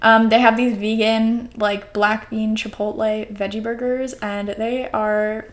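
A woman's voice: a little high, level tone, measured pace. A nineteen-year-old woman from the US West Coast hosting a casual solo podcast, rambling chattily with lots of "like" and "um". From Oregon, US West Coast. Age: teens, about to turn twenty. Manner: chatty, rambling, heavy use of "like" and "um"; upbeat and caffeinated. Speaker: podcast host.

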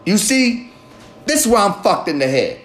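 A man hosting his own podcast, talking in a profane, rambling casual monologue that swings between loud bursts and low mutters. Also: very animated, normal speed, echoey room. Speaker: podcast host.

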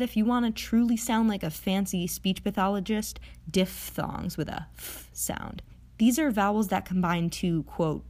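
Young female podcast host, lowish voice, friendly teacher, playful asides, drawn-out sample sounds. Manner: chatty, playful asides, slows to model sounds. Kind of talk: educational podcast lesson. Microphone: audio-only podcast recording.

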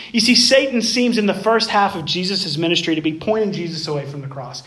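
A man preaching a sermon, emphatic, swinging between raised passages and hushed ones, and addressing the listeners as "guys". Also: high voice, very animated, fast, few pauses. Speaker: pastor.

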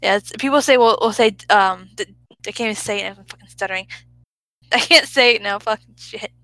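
A woman's voice: mid-range voice, quick pace, bright, forceful tone, dry recording, low-quality recording. A woman in casual chat who swears freely, laughs often and trails off mid-sentence.

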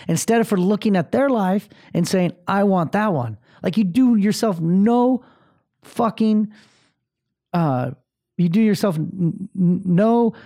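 A man's voice: high-pitched, mellow. A man in his thirties hosting a podcast, talking bluntly and with a lot of swearing and filler words in a rambling motivational monologue. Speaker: podcast host.

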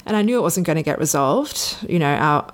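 Solo podcast host, Australian woman, deep voice, candid and chatty storyteller who digresses. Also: animated, a little fast. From Sydney, Australia.

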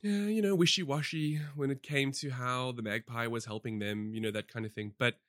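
A talkative man co-hosting a podcast, giving his take on films and shows in loose, animated chat. His pitch sits mid-range for a man, and the recording is close and dry with no room sound around him. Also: a little fast, no echo. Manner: animated and talkative, with many fillers and restarts. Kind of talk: casual review chat.

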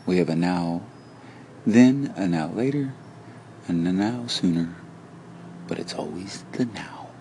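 A man's voice: low voice, expressive, slow, pauses often, warm tone, a little hiss or hum. A man hosting a casual solo podcast, talking outdoors into a phone app as he walks, rambling and goofy as he muses aloud. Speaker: podcast host. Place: outdoors, walking around.

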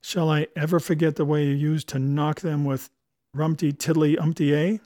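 A man's voice: a little high, level tone, moderate pace, mellow, no room sound, studio quality, close to an everyday voice. A man playing a hearty old showman. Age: older. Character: old retired male stage performer, gruff but cheerful. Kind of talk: audiobook character voice.

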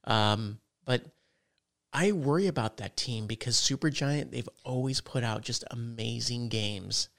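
Gravelly-voiced middle-aged man on a podcast. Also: mid-range voice, a little slow, a bit bright. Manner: rambling storyteller, acts out haggling with rising voice. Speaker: podcast co-host. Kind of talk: casual chat.

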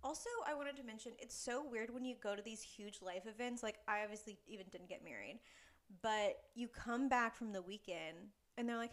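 Young female co-host, bright higher voice, enthusiastic casual chat. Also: a little fast. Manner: enthusiastic, conversational. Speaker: podcast co-host.

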